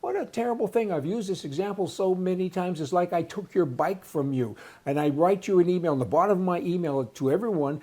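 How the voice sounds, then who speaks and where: A man's voice: a little high, expressive, a little fast, hardly any pauses, warm tone. A man ranting in an opinion monologue, indignant and emphatic, hammering words by repeating them. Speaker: host of advocacy newsletter show.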